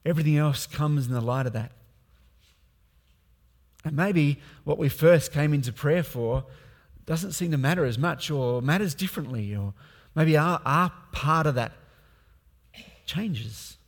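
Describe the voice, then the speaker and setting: A man's voice: fairly high pitch, unhurried, pauses often. Conversational male pastor in a reverberant hall. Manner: conversational, many fillers and restarts, prays aloud in examples. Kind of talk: sermon.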